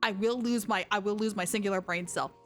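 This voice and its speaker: A young woman streaming a video game, commenting casually, excitable and ranting, with lots of laughing and shrieking. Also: mid-range voice, fairly quick, faint music behind.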